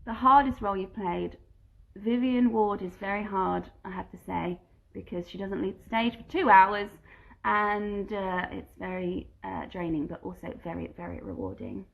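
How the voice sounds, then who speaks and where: A woman's voice: mid-range voice, moderate pace, gravelly, phone-quality sound. A woman at home answering viewer questions in a casual livestream, reading each question aloud and then replying in a chatty way. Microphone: phone livestream.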